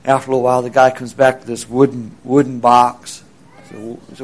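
A man's voice: mid-range voice, flat delivery, brisk. A man casually telling a long anecdote, with many fillers and restarts, briefly acting out the people in it. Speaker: storyteller. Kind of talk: casual spoken storytelling.

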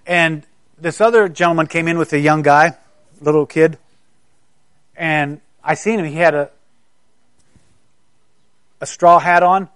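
A middle-aged man from South Carolina preaching a sermon in a higher-pitched voice. He tells stories in a casual, conversational way with stammering restarts. The sound is dry and close. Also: unhurried, pauses often, fairly bright tone, clean tone, no echo.

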